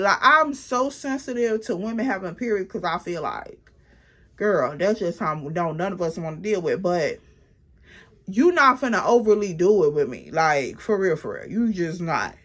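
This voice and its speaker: A woman telling a story in a casual vlog, animated and blunt, with plenty of cursing. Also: mid-range voice.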